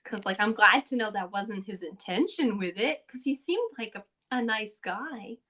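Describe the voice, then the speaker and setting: A woman co-hosting a podcast, chatting casually about a game session, agreeable and quick to laugh. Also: medium pitch, expressive, bright, forceful tone. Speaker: podcast co-host and player. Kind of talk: casual chat.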